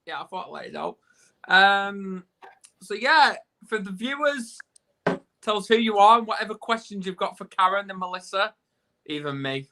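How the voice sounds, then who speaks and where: A man's voice: high voice, expressive, moderate pace, noisy background. A man with a Northern English accent hosting a casual live video chat, joking and rambling in a self-deprecating way. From England. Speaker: host. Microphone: video call.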